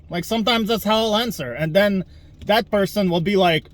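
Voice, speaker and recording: A man vlogging while out and about, ranting in an exasperated way and mocking people in high voices. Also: moderate pace, poor audio. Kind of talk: ranting walk-and-talk vlog. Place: outdoors in a town, walking and driving past traffic.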